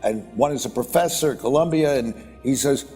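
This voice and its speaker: Older guy telling a business story on stage, swears a lot, kinda rambly, low soft voice, echoey hall. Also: a little fast, faint music behind. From United States. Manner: rambling, blunt and profane, with repeated "boom, boom, boom". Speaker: investor speaking at a conference. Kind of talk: anecdotal storytelling. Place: conference stage.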